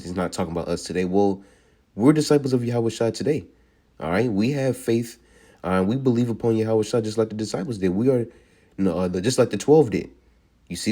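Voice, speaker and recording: A man teaching from scripture in a sermon, reading verses slowly and breaking them up with "all right" before he explains them. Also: deep voice, warm tone. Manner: reads verses slowly, repeats "all right" between points. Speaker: preacher.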